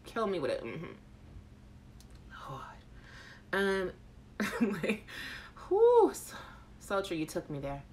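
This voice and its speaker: A woman's voice: medium pitch, slow, pauses often, slight background noise. A woman hosting a casual live chat show, reading out viewer comments in a playful, frank way. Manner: animated, playful and frank, with laughter.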